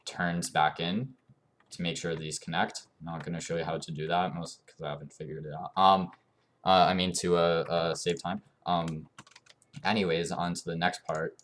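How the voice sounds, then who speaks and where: Man with a very deep voice, rambling tutorial. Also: steady tone, normal speed, fairly bright tone. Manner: rambling, meandering explanations. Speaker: tutorial YouTuber. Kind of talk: casual game tutorial commentary.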